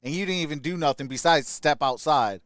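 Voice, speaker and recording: A man hosting a live stream, chatting casually and greeting viewers by name in an upbeat way. His voice sits high for a man and sounds smooth and clear. The sound is close and dry, with no room around it. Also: brisk, fairly bright tone, no echo. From Michigan. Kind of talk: casual live-stream chat reading comments.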